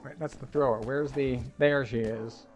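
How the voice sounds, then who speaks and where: A man's voice: medium pitch, fairly even intonation, moderate pace. A man streaming a game, casually thinking aloud as he plays. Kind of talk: casual gameplay commentary.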